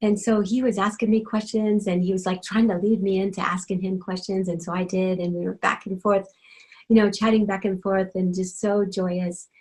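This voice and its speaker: Woman, middle-aged, animal communicator, gentle storytelling, chatty with fillers, mid pitch. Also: little pitch movement, normal speed, low-quality recording. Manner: gentle, chatty, many ums and you-knows. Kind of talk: personal storytelling talk.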